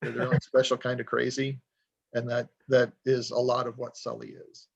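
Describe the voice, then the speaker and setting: Man, gravelly voice, rambling storyteller, casual podcast chat, muffled lo-fi sound. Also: mid-range voice, monotone, brisk. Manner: rambling, storytelling, self-deprecating. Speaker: author guest.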